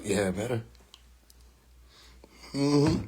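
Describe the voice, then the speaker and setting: Telling a story on a live stream, a man speaks in a loose, animated style, cursing freely, laughing a lot and throwing in sound effects. His pitch runs a little high and his pace is moderate.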